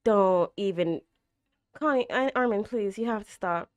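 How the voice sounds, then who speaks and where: A young woman hosting an anime reaction, chatting casually with a tired, slightly raspy throat and bursting into gasps and exclamations. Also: mid-range voice, unhurried, dry recording, highs cut off. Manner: animated, gasps and exclaims loudly, chatty with fillers.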